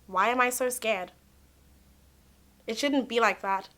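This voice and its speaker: A young woman telling a personal story to camera, animated, blunt and emphatic, swearing at times. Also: on the high side, slow pace. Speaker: vlogger.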